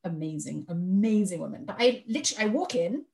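Woman guest, mid-pitched, chatty and animated as she tells a personal story. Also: a little fast, creaky. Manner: animated, acts out the people she quotes. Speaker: podcast guest. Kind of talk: casual conversational storytelling.

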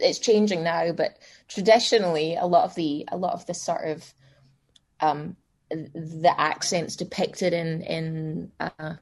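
A Scottish woman with a Glaswegian accent talks in a relaxed, rambling way. Her voice sits a little low for a woman, and she often restarts her sentences with fillers. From Scotland. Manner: chatty, many restarts and fillers. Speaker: voice actor guest. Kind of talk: casual conversation.

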